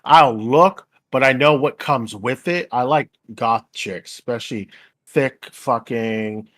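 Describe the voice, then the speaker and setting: A man in the middle of a loose, casual chat on a stream. He rambles and often breaks off, swears and laughs easily, and his pitch sits right in the middle. His voice is close and dry, with no room sound. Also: slow, a bit bright, dry recording. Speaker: stream host.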